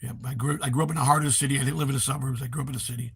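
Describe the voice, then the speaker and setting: Hoarse gravelly Chicago man in his fifties. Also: mid-range voice, steady tone, a bit bright. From Chicago, USA. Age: 50s. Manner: rambling, halting with many fillers. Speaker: livestream host. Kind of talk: casual livestream chat reading viewer comments. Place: home in Florida.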